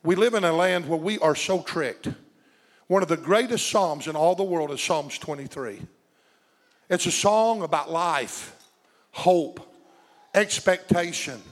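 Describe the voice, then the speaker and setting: At a measured pace and fairly high pitch, a man preaches fervently to his congregation, calling out and drawing replies. The church sanctuary gives his voice the long reverb of a large hall.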